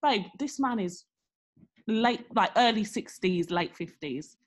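A young woman co-hosting a podcast tells a story in casual chat, her medium-pitched voice taking it slowly. She's animated, acting out the people she quotes with exaggerated voices.

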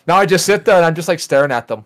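A man co-hosting a podcast over a voice call, ranting and swearing about other drivers and acting out what he'd yell at them. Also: a little high, lively intonation, rapid-fire. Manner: ranting, swears a lot, acts out angry quotes. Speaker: podcast co-host. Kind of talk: casual chat. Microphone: recorded over a voice call.

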